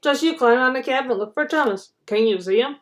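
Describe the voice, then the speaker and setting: A woman's voice: high voice, animated, fairly quick. A woman voicing a cheerful, teasing male engine driver in a storybook reading, speaking in an easygoing way.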